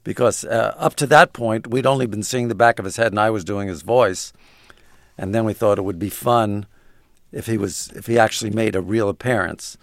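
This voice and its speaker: A man, an interview guest and comedy writer, telling halting anecdotes with laughs between lines. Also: fairly low pitch, vocal fry, dry recording, studio quality.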